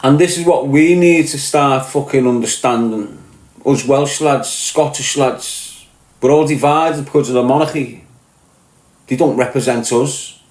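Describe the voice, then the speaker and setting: Scouse man, podcast guest, blunt sweary rant, middle pitch, roomy echo. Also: unhurried, a little mellow. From Liverpool, England. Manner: blunt, profane, repeats points with "mate". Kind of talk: ranting conversational monologue.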